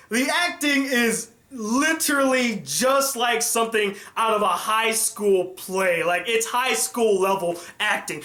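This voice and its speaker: A man's voice: high voice, a bit bright, roomy sound. A young man ranting furiously about a film, profane and exasperated, in a vlog review.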